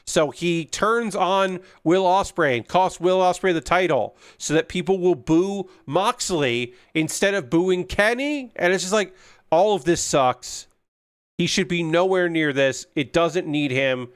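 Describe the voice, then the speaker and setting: A man's voice: on the high side, measured pace, clear, resonant tone, dry recording, studio quality. A young man chatting casually on a livestream while building a model kit, ranting with frequent swearing and filler words. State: yawning.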